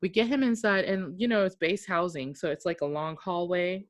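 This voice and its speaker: This deep-voiced, low-pitched woman co-hosts a podcast and spins a long, energetic, casual story. She swears freely and performs each person's lines, talking at normal speed in a recording with no echo.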